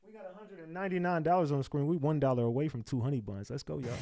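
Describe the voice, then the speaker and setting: A man's voice: on the high side, rapid-fire, dark tone. A man hosting a livestream, talking casually to his viewers and asking them to like and subscribe. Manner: talks straight to viewers, asks for likes. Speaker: livestream host. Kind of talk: casual commentary to live chat.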